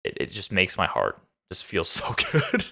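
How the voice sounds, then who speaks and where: A man's voice: sits low, huge pitch swings, moderate pace, creaky, pushed and bright. A man casually recapping and reviewing a TV episode, upbeat and rambling with lots of fillers. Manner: enthusiastic, loose with many fillers. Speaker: show reviewer.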